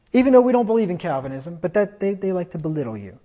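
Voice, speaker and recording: A man with a high voice preaches a fiery sermon, reading scripture and mocking his critics. The recording is dull and lo-fi, like a church tape. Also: sing-song, quick pace, hardly any pauses, dark tone. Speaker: pastor.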